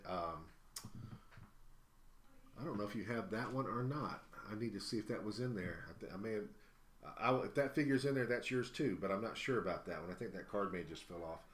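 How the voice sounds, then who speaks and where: A man's voice: lowish voice, a bit bright, roomy sound. A man hosting an online auction stream, chatting casually and rambling through a list of prizes with many fillers, a little out of breath. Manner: rambling, lots of fillers while listing items. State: slightly out of breath. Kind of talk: casual live-stream chat.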